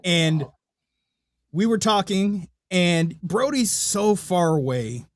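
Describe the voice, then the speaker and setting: Animated, foul-mouthed man podcasting. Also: sits high, slow, no room sound, studio quality. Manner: profane, animated storytelling. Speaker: podcast co-host. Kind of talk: casual podcast chat.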